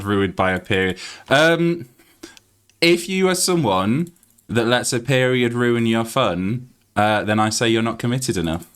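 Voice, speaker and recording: Here a British man streams a game live, chatting with viewers, cursing without restraint and laughing often in his excitement. He has a lowish, clear voice with a resonant quality.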